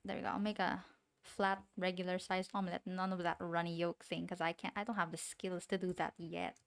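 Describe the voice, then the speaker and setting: Speaking in a lowish voice with vocal fry, a female VTuber with a non-standard English accent draws on stream. She chats loosely, wanders off into self-talk, and adds small giggly asides.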